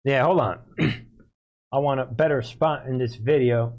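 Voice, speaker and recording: A man hosting a political commentary show, talking emphatically, repeating himself and often clearing his throat. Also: medium pitch, a little slow, darkish tone, poor audio. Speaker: host.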